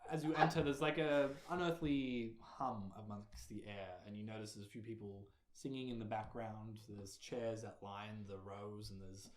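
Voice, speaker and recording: A man from Australia narrating as game master of a tabletop game, describing scenes haltingly with many ums. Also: lowish voice, fairly even intonation. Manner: filler-heavy, halting description. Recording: echoey room with faint noise.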